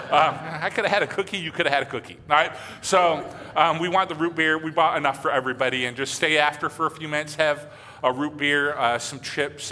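A man's voice: mid-range voice, bright, forceful tone, big-room sound, a little hiss or hum. A male pastor preaching a sermon in an easy, conversational way, with plenty of fillers. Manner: conversational, loose, with many fillers.

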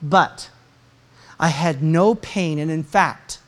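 An American pastor delivering a sermon, telling a personal story with self-deprecating humor and animated delivery. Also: medium pitch, slow pace. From United States.

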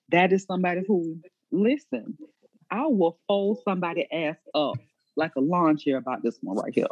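A woman co-hosting a loose conversation, animated and emphatic and quick to laugh. Her voice is husky and her pitch rises and falls with lively swings. The recording sounds dull and lo-fi. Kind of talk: casual chat among friends.

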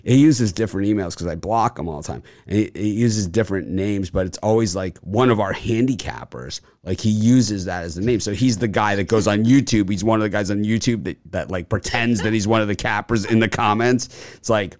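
A man's voice: on the low side, fairly quick, a little mellow, dry recording, studio quality. A man hosting a sports betting show, chatting casually, rambling with many fillers and boasting. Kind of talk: casual chat.

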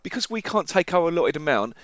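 A man's voice: on the high side, very animated, brisk, fairly bright tone, no echo, highs cut off. A man in casual chat who rambles and restarts his sentences.

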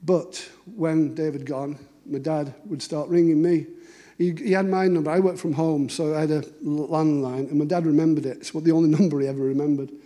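Middle-aged man, mellow voice. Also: a little high, steady tone, brisk. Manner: conversational, anecdotal, acts out dialogue. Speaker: cartoonist giving a talk. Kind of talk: storytelling talk.

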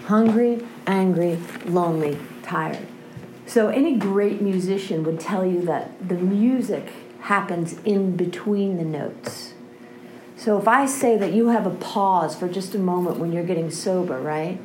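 Earnest woman with a lowish voice. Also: a little slow, dark tone, a little hiss or hum, low-quality recording. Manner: earnest, often ends points with a questioning "right?". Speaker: speaker sharing a recovery story. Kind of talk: impassioned personal testimony.

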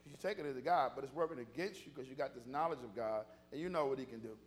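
A man's voice: medium pitch, very fast, a little hiss or hum. A man preaching a sermon as pastor, moving from conversational storytelling to fervent, rising exhortation.

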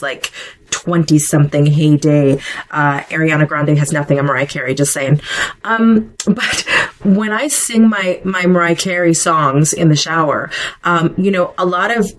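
A woman's voice: low-pitched, poor audio. A middle-aged woman hosting a solo podcast. She talks in a conversational way and often wanders into asides before coming back to her point. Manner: conversational, chatty with digressions. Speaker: podcast host.

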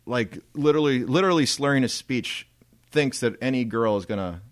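A man's voice: medium pitch, animated, fairly quick, no echo. A man telling a story in a casual podcast chat, swearing freely and laughing often. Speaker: podcast co-host.

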